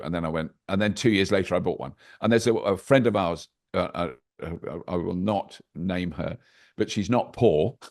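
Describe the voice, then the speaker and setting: Older man, deep-set voice, chatty and wry, telling stories on a video call. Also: fairly quick. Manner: animated, anecdotal, with wry asides. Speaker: podcast guest. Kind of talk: casual interview chat.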